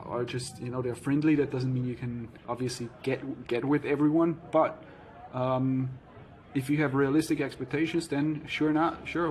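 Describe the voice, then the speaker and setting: A man vlogging casually, reading out viewer questions and answering them frankly, with frequent pauses and fillers. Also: medium pitch, a little mellow, a little hiss or hum, rough recording. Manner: frank, matter-of-fact, hesitant with fillers. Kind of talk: casual Q&A chat.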